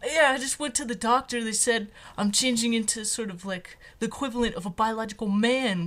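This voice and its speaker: A vlogger delivers a casual monologue, musing light-heartedly and haltingly with lots of fillers. He is a transgender man not on hormones, so his voice sits in a typical female range, extremely high-pitched with a fairly bright tone.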